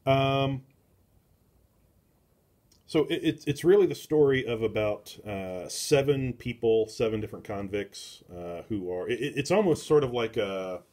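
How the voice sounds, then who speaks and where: A man's voice: medium pitch, animated, a little mellow. A middle-aged man hosting a casual book club, reviewing comics in a rambling way full of filler words and restarts. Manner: slow and deliberate.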